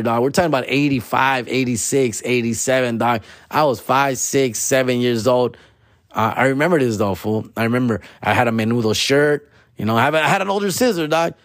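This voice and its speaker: A man's voice: mid-range voice, dry recording, studio quality. A man, a comedian host riffing in a profane, slangy monologue and ending lines with "fool" and "dog". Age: 40s.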